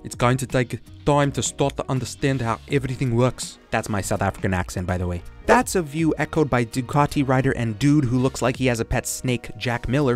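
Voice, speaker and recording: A man hosting a motorsport video, delivering scripted commentary full of sarcastic jokes. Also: medium pitch. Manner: joking, sarcastic asides. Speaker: YouTube motorsport channel host.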